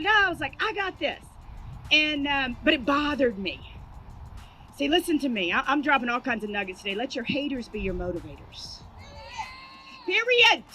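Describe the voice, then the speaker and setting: A high-pitched, bright woman gives an energetic, hype-building motivational speech to athletes at an outdoor ceremony. She talks straight to the crowd. Faint music plays behind her. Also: rough recording. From Atlanta, Georgia, US. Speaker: motivational speaker, former sportscaster. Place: outdoor park at a sports opening ceremony.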